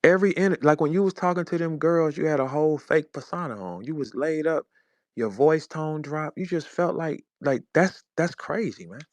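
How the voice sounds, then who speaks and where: A man's voice: fairly high pitch, moderate pace, no echo. A man in his forties from St. Louis, a rapper ranting in a confrontational, profane way in an online audio chat, speaking over a phone. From St. Louis, USA. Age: 40s. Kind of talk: heated rant in an audio chat room. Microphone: phone in an online audio room.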